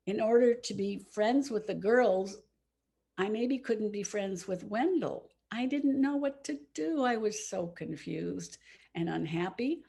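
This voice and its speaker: A woman's voice: medium pitch, creaky, warm tone, husky. A woman in her seventies telling a heartfelt personal story to all ages at a church service. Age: 70s. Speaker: congregation member telling a children's story.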